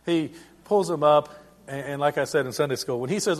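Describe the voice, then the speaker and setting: A middle-aged man preaching a sermon as pastor, in a conversational way with frequent restarts and swings in loudness. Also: on the high side, sing-song, normal speed.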